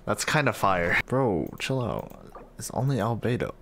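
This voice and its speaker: A man's voice: on the low side, big pitch swings, measured pace, gravelly, noisy background. A man casually reading out and reacting to fan comments, joking and easily amused. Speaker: gaming video creator.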